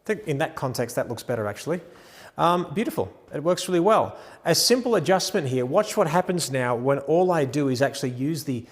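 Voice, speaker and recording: A man teaching wedding photography posing, talking through each adjustment while gently directing a model. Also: on the high side, lively intonation, fairly quick, big-room sound.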